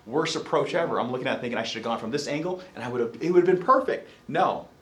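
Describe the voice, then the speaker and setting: Animated male lecturer in an echoey classroom. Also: mid-range voice, rapid-fire, far from the mic. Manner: lively storyteller, acts out his own reactions, asks the class questions. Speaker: college psychology lecturer.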